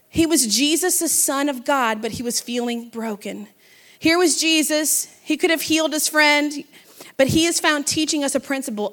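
High, bright-voiced woman preaching. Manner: passionate, conversational preaching with call-outs to the congregation. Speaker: pastor's wife preaching. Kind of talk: sermon.

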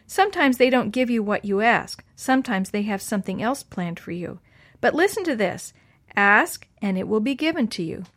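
A kind teacher guiding her class through a puzzle, as a woman reads her part. She speaks gently and explains things patiently. The storybook reading sounds dry and close. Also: mid-range voice, expressive, moderate pace, no echo. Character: kind patient female schoolteacher. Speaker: teacher in a Sunday-school story.

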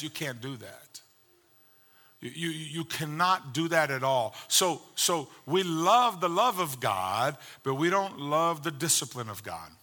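Bright-voiced man preaching with fervor. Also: a little high. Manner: passionate preaching that swings from loud fired-up peaks to quiet tender reflection. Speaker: pastor. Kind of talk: sermon.

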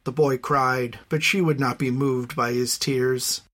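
An audiobook narrator reading a fantasy story in a measured, even storytelling voice. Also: medium pitch. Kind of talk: scripted narration.

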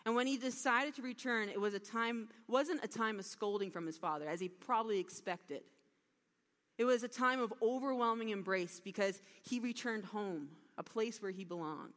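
A woman giving a sermon, retelling a parable with lively storytelling and acted-out lines. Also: on the high side, normal speed. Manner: animated storytelling with acted-out dialogue. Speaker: preacher. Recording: long hall reverb.

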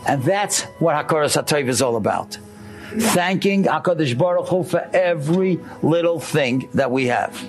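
A man's voice: fairly high pitch, expressive, normal speed, faint music behind. A man preaching a sermon, telling a story earnestly and speaking straight to his listeners. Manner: earnest, addresses listeners directly.

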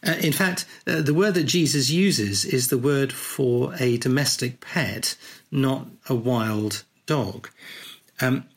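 A man with a husky, breathy edge to an otherwise middle-pitched voice leads a podcast Bible study. He moves through the passage conversationally and without hurry, stopping to reflect on each verse as he reads. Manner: thoughtful, unhurried, explaining as he reads.

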